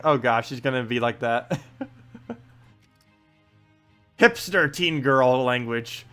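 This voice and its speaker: A man casually commentating his live game stream, chatty and quick to laugh, with faint game music behind. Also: medium pitch, fairly bright tone, clear, resonant tone.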